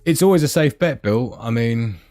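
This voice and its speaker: A man's voice: medium pitch, expressive, normal speed, warm tone, no room sound, soft background music. A man hosting a live stream, chatting casually and rambling, often losing his thread mid-sentence. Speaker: livestream host.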